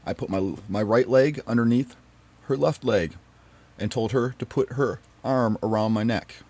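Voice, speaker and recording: A man telling a personal story to camera in an emotional, emphatic and pleading way, swinging between loud and quiet. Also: mid-range voice, moderate pace, slightly rough.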